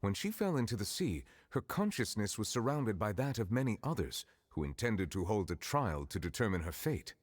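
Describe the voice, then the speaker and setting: An actor voicing a solemn, formal man in a video game, explaining things in a measured way. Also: lowish voice, very animated.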